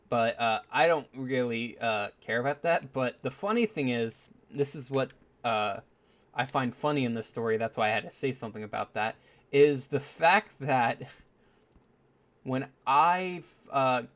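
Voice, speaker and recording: A man's voice: mid-range voice, fairly bright tone. Rambling man with a mid-range voice. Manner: rambling, full of fillers and self-mocking asides. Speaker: gaming video host. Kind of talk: casual storytelling while playing.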